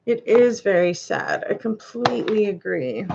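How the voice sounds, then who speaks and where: A woman's voice: medium pitch, big pitch swings, a little slow, gravelly, darkish tone, highs cut off, slight background noise. A woman hosting a live stream, chatting casually with viewers and reading their comments, giggling often. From Canada.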